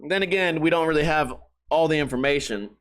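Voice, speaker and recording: A man's voice: a little high, fairly quick. A man hosting a comedy podcast, telling stories in a rambling, profane, casual monologue. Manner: profane, rambling, animated storytelling. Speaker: podcast host.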